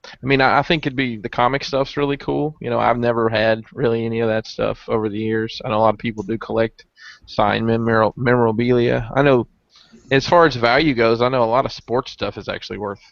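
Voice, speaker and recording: A man's voice: mid-range voice, fairly even intonation, a little fast, gravelly, no room sound. A man hosting a casual collector chat, rambling with many restarts, over dull lo-fi stream audio. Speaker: podcast host.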